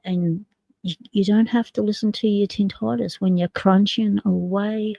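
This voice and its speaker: A woman's voice: medium pitch, steady tone, a little slow, vocal fry, mellow, dry recording, lo-fi sound. A woman with an Australian accent, hosting a casual livestream chat in a rambling, jokey way. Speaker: livestream host.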